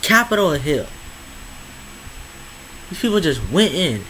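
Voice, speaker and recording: A teenage boy with a slightly high, casual voice talks to his viewers. He rambles, repeats himself, and drifts between slow drawn-out phrases and quicker bursts, with a faint hiss of room noise behind him. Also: sing-song, fairly bright tone, rough recording. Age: teens. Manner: rambling, slangy, repeats words, drawls some phrases slowly. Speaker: YouTuber. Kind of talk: casual vlog monologue.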